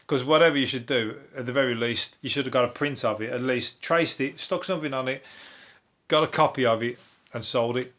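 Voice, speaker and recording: A comedian from Birmingham with a Brummie accent hosting a solo comedy podcast, rambling through the news in a deadpan, sweary way, his voice getting hoarse. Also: medium pitch, a little fast. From Birmingham, England. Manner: deadpan, rambling, sweary, laughs at own jokes. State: voice going hoarse.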